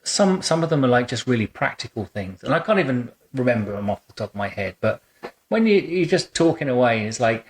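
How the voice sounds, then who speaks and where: A man hosting an interview as a boudoir photographer, chatting in a warm, rambling way in his photo studio, full of fillers and restarts. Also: medium pitch, very animated, brisk, slight background noise. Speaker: boudoir photographer and podcast host. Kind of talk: relaxed conversational interview.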